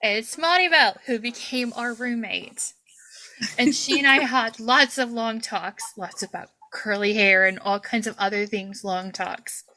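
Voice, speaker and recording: Bright animated woman telling a story. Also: on the high side, unhurried, poor audio. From Kentucky, USA. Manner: animated storyteller, acts out quoted voices, laughs often. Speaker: podcast host. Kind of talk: storytelling podcast chat. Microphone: video call.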